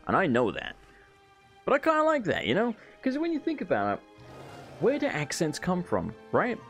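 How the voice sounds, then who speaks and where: A man's voice: high voice, wildly swooping pitch, normal speed, soft background music. English guy rambling thru a game playthrough, jokey n sweary, voice all over the place. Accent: English, self-described as unusual. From England. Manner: rambling, joking, sweary banter. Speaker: gameplay commentator. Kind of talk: casual let's play commentary.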